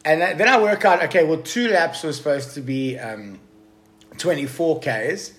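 Profane, excitable male storyteller. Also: a little high, moderate pace. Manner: profane, excitable storyteller addressing the listener as bro. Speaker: podcast guest. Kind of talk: casual storytelling.

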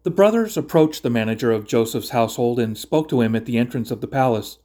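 A man's voice: medium pitch, animated, quick pace, mellow. Man reading scripture steadily. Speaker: scripture reader. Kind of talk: scripted narration of a Bible story.

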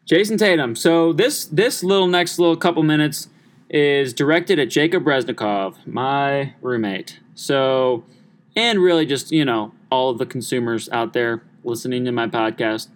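A young man talking alone into his podcast mic in a loose, casual way. His voice sits at a middle pitch, and he tells stories in a rambling manner, often backing up to restart a sentence. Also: moderate pace. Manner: chatty, rambling storyteller with many restarts. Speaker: podcast host. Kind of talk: casual solo podcast chat.

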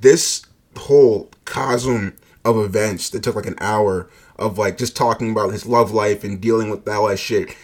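A man casually telling a personal story, swearing freely, leaning on "like" and laughing along as he goes. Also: on the low side. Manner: laid-back, profane, heavy use of "like", laughs often.

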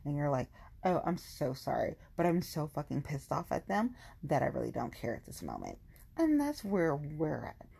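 A woman's voice: low voice, wildly swooping pitch, normal speed, gravelly, dark tone, breathy edge. A woman in a casual venting monologue, blunt and profane, repeating lines for emphasis.

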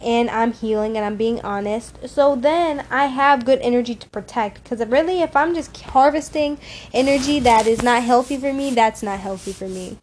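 High-voiced woman repeating affirmations. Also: normal speed, darkish tone, slight background noise. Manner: drifting, breaks off mid-sentence. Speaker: spiritual vlogger. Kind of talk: casual heartfelt monologue.

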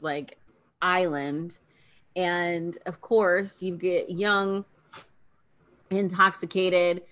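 A woman in her thirties co-hosting a podcast in casual chat, animated and laughing often. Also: low-pitched. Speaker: podcast co-host.

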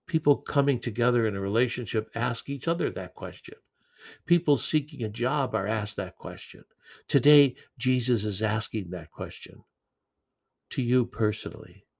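A man delivers a sermon in an earnest, gentle manner. His mid-range voice carries a gravelly edge. He sometimes repeats a word as he goes. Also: medium pitch. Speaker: preacher.

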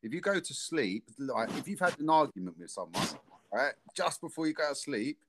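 Animated man rambling on a podcast. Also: medium pitch, a little fast, slight background noise. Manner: rambling, animated storytelling with restarts. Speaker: podcast co-host. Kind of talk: casual chat.

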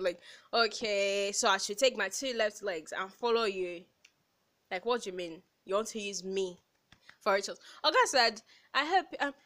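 A woman's voice: medium pitch, a bit bright. Young Nigerian woman, podcast host, sassy and exasperated casual storyteller. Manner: sassy, exasperated, filler-heavy.

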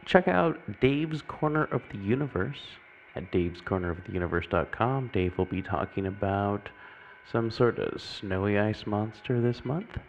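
A man hosting a podcast, reading off sponsor and shop plugs with relaxed, joking asides. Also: fairly low pitch, unhurried, gravelly. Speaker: podcast host. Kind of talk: casual show outro. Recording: dull lo-fi mic with faint hiss.

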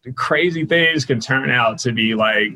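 A man being interviewed as a guest, telling casual stories and acting out the people he quotes in a higher, louder voice. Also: a little slow, low-quality recording. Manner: animated storyteller, jumps higher and louder when quoting people. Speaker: guest, sports PR consultant.

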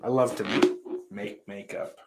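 A man hosting a livestream who chats casually with viewers, crude and profane, rambling and then breaking into sudden loud greetings. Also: unhurried, heavy background noise. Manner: crude and profane, talks to chat. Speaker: livestream host.

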